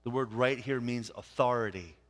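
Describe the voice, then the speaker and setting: A man preaching a sermon as pastor, speaking deliberately and repeating key phrases for emphasis. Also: medium pitch. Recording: reverberant hall.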